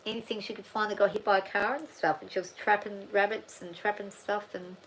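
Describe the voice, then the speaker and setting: This farm vlogger, a middle-aged Australian woman, chats briskly with viewers in a medium-pitched, fairly bright voice with fairly even intonation. She rambles, thinks aloud and restarts many times, with a little hiss or hum on the poor audio.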